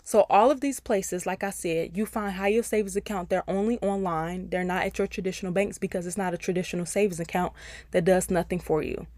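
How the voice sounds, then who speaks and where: A woman's voice: on the low side, fairly even intonation, brisk, darkish tone, no echo. A woman hosting a personal finance podcast, giving advice in a chatty, encouraging way and speaking straight to her listeners. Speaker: podcast host.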